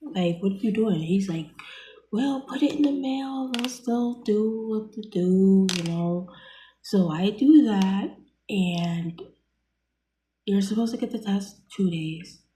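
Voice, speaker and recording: A young woman tells a story in a loose, casual vlog, with lots of fillers and blunt swearing. Her voice is mellow and warm. The room is echoey, and a faint hiss runs under her voice. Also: mid-range voice, slow pace. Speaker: vlogger.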